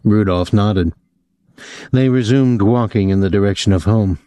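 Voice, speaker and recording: Scripted audiobook reading by a man whose voice sits low and whose delivery stays calm and measured. The recording is tight and dry, without any room sound.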